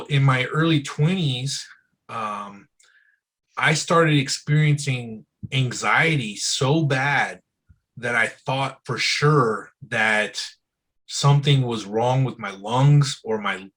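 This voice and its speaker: A man's voice: medium pitch, takes it slowly, a bit bright, rough recording. A man as an interview guest in casual, candid conversation, speaking loosely and frankly and often saying "bro" and "dude".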